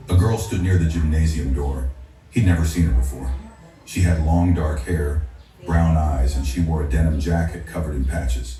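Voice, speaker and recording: A man with a very deep, dark voice tells a story in a steady, dramatic way, his pitch swinging widely. He sounds echoey and far from the mic, with faint music playing behind him. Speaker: narrator. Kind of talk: scripted story narration.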